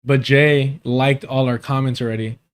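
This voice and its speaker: A man's voice: mid-range voice, steady tone, normal speed, clear, resonant tone. A man hosting a live stream in casual, rambling chat, laughing often and swearing freely.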